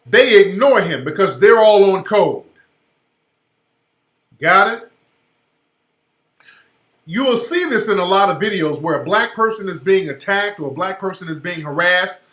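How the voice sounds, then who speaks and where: A man hosting a radio show, giving emphatic, slangy commentary over a video clip. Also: high-pitched. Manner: emphatic, slangy, rising loud when worked up. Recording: roomy echoey sound.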